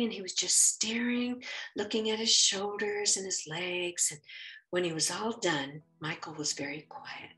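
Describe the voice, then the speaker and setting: A middle-aged woman and Bible teacher telling a personal faith story, expressive and acting out what people said. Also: medium pitch, measured pace, far from the mic. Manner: expressive, acts out quoted speech. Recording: roomy echo, faint music.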